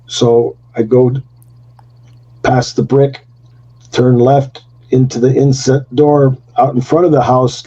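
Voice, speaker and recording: An older retired wrestler telling a story in an interview, acting out the voices in it and laughing often. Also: male voice, warm tone, husky, muffled recording. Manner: acts out quotes with jumps in pitch, laughs often. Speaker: retired pro wrestler, guest.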